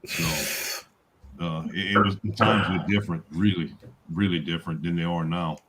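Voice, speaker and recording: A man's voice: sits low, fairly even intonation, moderate pace, noisy background. A man chatting casually on a video call, telling drinking stories with easy chuckles. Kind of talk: casual chat.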